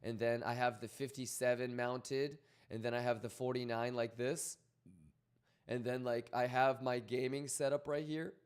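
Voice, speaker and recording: A man's voice: mid-range voice, steady tone, normal speed, clean tone. A man streaming live, talking loosely and profanely as he reads chat messages aloud and rambles. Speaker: crypto trading livestreamer.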